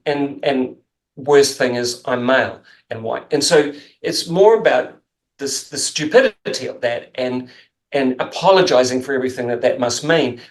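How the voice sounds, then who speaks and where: A man as an interview guest, telling rambling, self-mocking stories in casual chat and laughing often. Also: mid-range voice.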